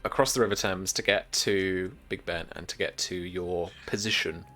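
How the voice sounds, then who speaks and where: A man's voice: sits low, steady tone, moderate pace, bright, forceful tone, faint music behind. A British man narrating as game master, rambling with many restarts and fillers.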